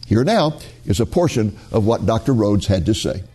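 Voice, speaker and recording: A man hosting a ministry program, introducing a recorded conference talk in a measured, preacherly way. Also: lowish voice, very animated.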